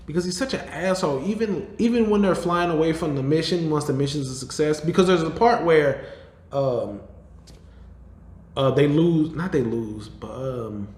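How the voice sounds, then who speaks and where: Dude rambling thru a movie recap, swears a lot, cuts himself off, kinda echoey room. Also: male voice, fairly high pitch, a little mellow. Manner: rambling, profane, self-interrupting. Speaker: podcast host. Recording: roomy echo.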